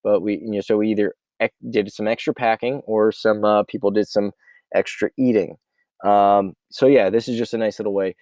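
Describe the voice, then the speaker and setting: A man who runs a meal prep business, casually walking through his ordering software and thinking aloud as he goes. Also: lowish voice, steady tone, normal speed, no echo. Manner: rambling and offhand, thinking aloud.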